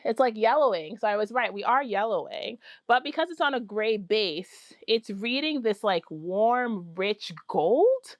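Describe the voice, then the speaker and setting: A woman's voice: medium pitch, a little slow, hardly any pauses, dry recording. Woman, fiber-craft vlogger; gushing, chatty, dry close sound. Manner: excitable, gushing, apologizes for screaming; chatty with many fillers. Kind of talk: casual chat to camera.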